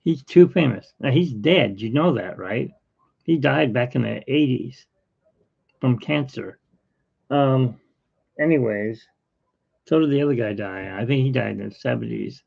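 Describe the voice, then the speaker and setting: A man's voice: mid-range voice, a little slow, creaky, pauses often, slightly rough, lo-fi sound. A man who hosts an art livestream, chatting in a rambling, opinionated way. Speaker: artist, livestream host. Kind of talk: casual livestream chat.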